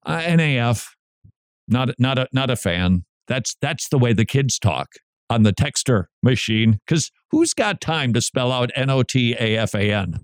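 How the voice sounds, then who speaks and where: A man hosting a radio talk show, joking and acting out little scenes in a lively way. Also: mid-range voice, a little slow, clean tone, no room sound, studio quality. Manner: jokey, lively, acts out little scenes with voices. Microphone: studio mic.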